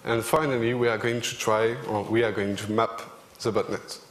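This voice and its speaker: A young man with a French accent giving a technical conference talk, relaxed and joking lightly with the audience. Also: on the low side, normal speed. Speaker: conference speaker. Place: large conference hall. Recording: echoey lecture hall with a faint hum.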